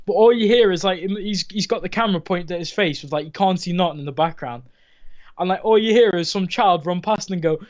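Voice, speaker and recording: High-voiced man, dull lo-fi audio. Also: fairly quick. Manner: laughing storyteller, says bro a lot. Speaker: co-host. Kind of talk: casual live-stream chat.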